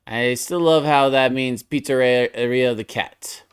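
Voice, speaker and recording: A man's voice: medium pitch, slow pace, few pauses, smooth, dry recording, studio quality. A man streaming as he draws, chatting casually and thinking aloud, often muttering to himself in a playful way. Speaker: streamer drawing live. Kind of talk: casual chat while drawing.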